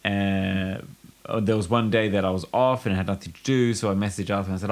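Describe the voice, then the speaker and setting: A man's voice: fairly low pitch, steady tone, fairly quick. A man telling a long rambling story on a casual podcast, with frequent restarts and bursts of laughter. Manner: rambling, self-interrupting, giggly storyteller. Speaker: podcast co-host.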